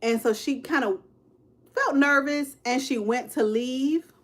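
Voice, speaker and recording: Her voice is high and a bit bright, and she talks a little slowly: a woman in her fifties hosting a relaxed true-crime livestream. She chats directly with viewers using "y'all," "child" and "honey" while responding to their comments.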